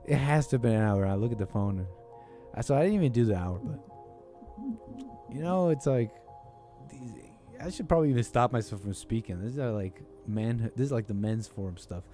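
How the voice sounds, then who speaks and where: A man's voice: mid-range voice, expressive, fairly quick, mellow, soft background music. A man hosting a call-in podcast, telling a rambling story in casual talk-show style and often cutting himself off mid-sentence. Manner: rambling, self-interrupting storytelling with laughs. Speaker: podcast host.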